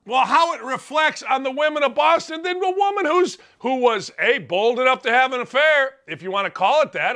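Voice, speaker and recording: Fired-up high-voiced male radio host. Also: pushed and bright. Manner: fired-up, ranting with rhetorical questions. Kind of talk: opinionated talk radio monologue.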